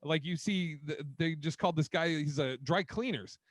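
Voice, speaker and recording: A man's voice: fairly high pitch, moderate pace, no room sound. A man hosting a casual podcast chat, telling stories animatedly, swearing freely and acting out what people said. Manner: animated storyteller, swears a lot, acts out quotes. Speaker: podcast host.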